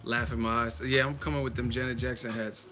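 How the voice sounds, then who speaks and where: A man hosting a live-stream boxing chat, talking casually and excitedly, laughing often and swearing freely. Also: medium pitch, fairly quick, faint music behind. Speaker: boxing channel host.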